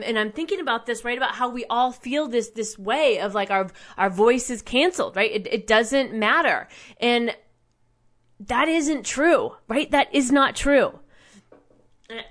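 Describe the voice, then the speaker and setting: A woman's voice: a little high, a bit bright. A woman delivering an impassioned, rambling monologue as a show host, indignant and profane, often restarting her sentences.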